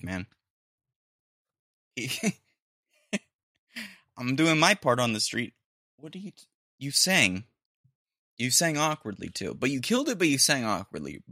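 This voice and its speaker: A man hosting a podcast, giving casual, excitable reaction commentary with slangy talk and bursts of laughter. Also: mid-range voice, dry recording, clean studio sound. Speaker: podcast host.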